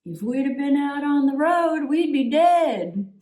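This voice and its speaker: A cranky old Southern man in his seventies, as a woman imitates him, blunt and stern. He speaks higher and louder than her own voice, in a thick drawl, and the room around him rings with echo. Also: expressive, unhurried. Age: 70s.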